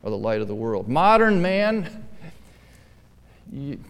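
A pastor delivers his sermon in a smooth, resonant man's voice, with a long reverb trailing each phrase through the hall. He moves from soft, low asides to loud, pressing lines that drive each point home. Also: very animated, takes it slowly. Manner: emphatic preaching, swinging between quiet asides and forceful stressed lines.

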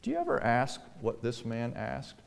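Huge pitch swings mark this male pastor's gravelly, clean, mid-range voice as he preaches at a moderate pace in a reverberant church. He's earnest, rising and falling for emphasis, and dramatizes pleading quotes.

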